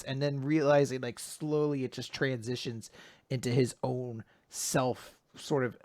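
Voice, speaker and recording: A man casually retelling a manga chapter on a podcast, animated and acting out the lines as he goes. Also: medium pitch, normal speed, no echo, studio quality. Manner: animated, slips into character voices when retelling. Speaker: podcast host. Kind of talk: casual manga recap chat.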